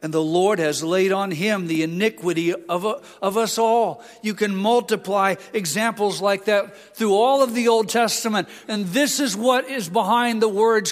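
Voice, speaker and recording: A male preacher delivers a sermon with a slightly high voice. He swings between fervent emphasis and quiet, low asides. His voice carries with the long reverb of a large hall. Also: unhurried, hardly any pauses. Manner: impassioned, rising to emphatic peaks then dropping low.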